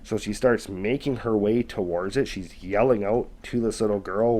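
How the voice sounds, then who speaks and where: A man's voice: on the low side, moderate pace, darkish tone. A man narrating an eerie encounter story in a loose, conversational way, with lots of filler words. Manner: loose, conversational, with many fillers like "kind of" and "basically". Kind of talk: casual retelling of a scary story.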